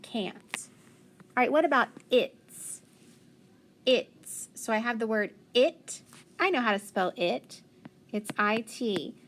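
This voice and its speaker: Woman teacher, slow unhurried delivery, encouraging tone, phonics lesson for kids. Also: a little high, slight background noise. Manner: patient, encouraging, sounds words out slowly. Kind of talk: phonics lesson for young children.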